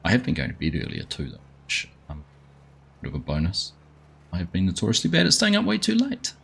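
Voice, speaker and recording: A man's voice: deep voice, huge pitch swings, fairly quick, vocal fry, a bit bright, husky. A man hosting a live gaming stream, chatting casually and greeting viewers by name as he plays. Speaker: gaming livestream host. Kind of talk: casual chat while playing a farming game.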